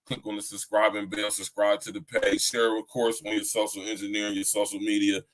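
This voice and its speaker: A man's voice: lowish voice, flat delivery, brisk, low-quality recording. A man hosting a casual live podcast, talking loose and profane with lots of slang and laughter. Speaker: podcast host. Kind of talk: casual live-stream chat.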